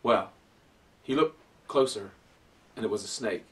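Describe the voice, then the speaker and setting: A man's voice: fairly low pitch, recorded from a distance. A man telling folk tales to children in a folksy, dramatic way. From Virginia, USA. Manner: animated, folksy, dramatic pauses. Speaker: storyteller. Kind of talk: oral folk storytelling to children.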